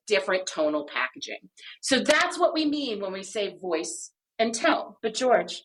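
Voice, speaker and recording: A woman's voice: fairly high pitch, sing-song, measured pace, fairly bright tone. A woman co-hosting a podcast, explaining ideas in an emphatic, playful way with many rhetorical questions. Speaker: podcast co-host.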